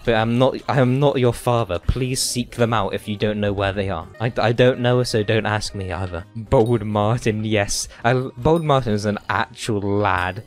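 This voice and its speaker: A man's voice: lowish voice, normal speed, few pauses, faint music behind. Man streaming, mock-dramatic whining. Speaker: game streamer. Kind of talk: casual live-stream chat while gaming.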